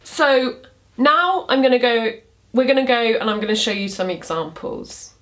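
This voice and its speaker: A young woman talks through a poetry lesson in a loose, conversational way. She thinks aloud, pokes fun at herself, and slows right down to sound out syllables one by one. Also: fairly high pitch, expressive, fairly bright tone. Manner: chatty, thinks aloud, self-deprecating. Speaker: poetry tutor. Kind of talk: casual video lesson.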